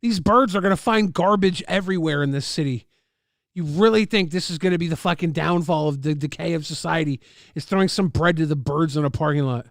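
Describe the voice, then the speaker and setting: A man's voice: on the high side, brisk, dry recording, clean studio sound. A man streaming live, mocking a video with sarcastic, profane commentary.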